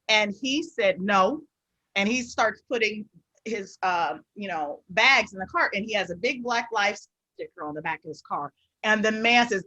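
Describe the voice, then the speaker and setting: A middle-aged woman, an author guest on a podcast, telling stories in a lively, emphatic way and repeating words for emphasis. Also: medium pitch, moderate pace, no echo, poor audio. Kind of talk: casual interview storytelling.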